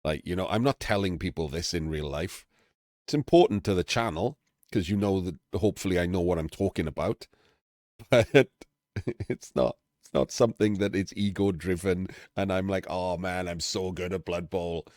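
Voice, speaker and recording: Deep-voiced male vlogger, frank and self-mocking, dry room. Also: animated, normal speed, a little mellow, dry recording. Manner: candid, self-deprecating, with fillers and restarts. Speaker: channel host. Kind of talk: casual talking-head vlog.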